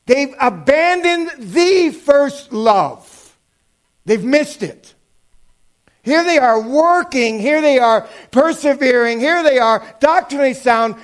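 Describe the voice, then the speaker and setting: Very high-voiced man preaching emphatically. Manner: emphatic, swings from loud shouting to low asides. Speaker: pastor. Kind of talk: sermon. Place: church sanctuary.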